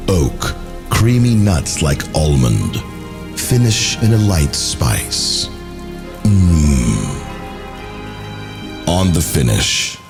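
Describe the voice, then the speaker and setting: A man's voice: low voice, gravelly, exaggerated voice. A man voicing a grand, boastful male whiskey god who gives theatrical tasting notes over music. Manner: slow, grandiose, theatrical tasting-note delivery. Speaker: whiskey taster.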